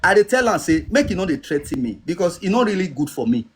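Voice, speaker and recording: Nigerian man, slightly high voice, insistent, keeps checking he's understood, faint background hiss. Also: big pitch swings, quick pace. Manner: insistent, repeats "you understand?". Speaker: live streamer. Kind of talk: casual live-stream talk.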